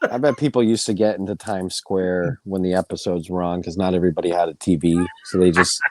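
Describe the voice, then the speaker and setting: A man's voice: sits low, steady tone, brisk, a little mellow, no echo. A man chatting casually as a podcast co-host, making playful, joking asides. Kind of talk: casual chat.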